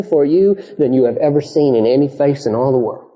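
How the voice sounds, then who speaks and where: A man preaching an impassioned sermon, swinging from high urgent cries to hushed storytelling. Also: animated, a little fast. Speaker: pastor. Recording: dull, echoey 1980s church sermon recording.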